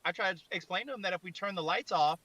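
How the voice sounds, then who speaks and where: A man who works as a videographer and director tells a story in casual chat, rambling and saying "like" constantly. His high-pitched voice is quick and sharp in tone, with no echo, heard through dull lo-fi online audio.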